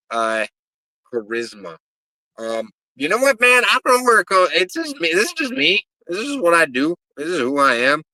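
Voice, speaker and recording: A man's voice: medium pitch, bright, forceful tone, dry recording, low-quality recording. A man, a pro wrestler, cutting a brash, profane promo and rambling and stammering through interview answers.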